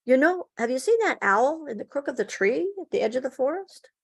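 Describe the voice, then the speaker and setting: A kindly little old man who talks to birds, calm and quietly knowing as he questions the boy, voiced by a woman telling the story. His tone stays gentle and unhurried. It is heard over a video call. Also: sits high, gravelly, breathy edge, pitched above the performer's own voice, exaggerated voice.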